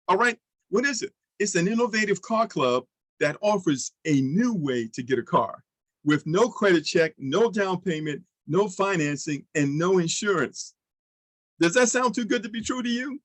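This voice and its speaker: A man runs an online sales training, speaking in a lively coaching manner and checking in with his audience. His voice sits a little high for a man. The sound is dry and close, with no room echo. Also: moderate pace. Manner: energetic, coaching, asks the audience questions.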